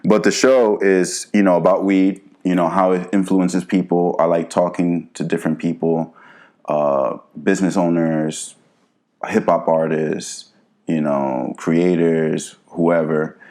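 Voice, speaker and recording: A man from New Jersey, a guest on a podcast, talking in a relaxed, laid-back way with lots of "you know". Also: low-pitched, unhurried. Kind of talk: casual interview chat.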